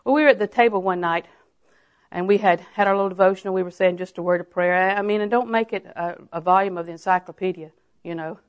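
An older woman preacher giving a sermon, telling homely stories and then rising into emphatic, drawn-out exhortations. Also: medium pitch. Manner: folksy storytelling that rises to emphatic, drawn-out exhortation.

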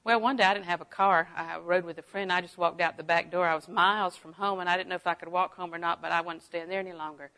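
A middle-aged woman delivers a folksy sermon full of personal stories. She talks in an animated way, laughing often and dropping her voice to a hush for asides. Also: on the low side, fast, hardly any pauses, rough recording. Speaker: preacher.

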